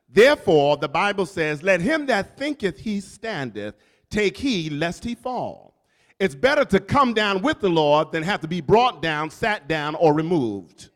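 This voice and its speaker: A man's voice: a little high, expressive, measured pace. A male pastor preaching a sermon, calling out to the congregation and repeating key lines for emphasis. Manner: preaching with call-outs to the congregation. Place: church sanctuary. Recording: long reverb from a church hall.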